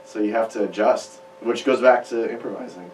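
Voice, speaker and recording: A man's voice: fairly low pitch, a little fast. A man from Chicago, a musician guest chatting in a radio interview. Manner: chatty, rambling. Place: radio studio. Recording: roomy, distant mic with faint hiss.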